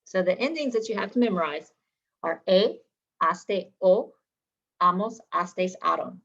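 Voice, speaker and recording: Woman, language teacher, low voice, slightly muffled recording, clear drilling. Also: a bit bright. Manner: clear, deliberate drilling of word endings. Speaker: Spanish teacher. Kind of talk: language lesson. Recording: slightly dull lo-fi sound.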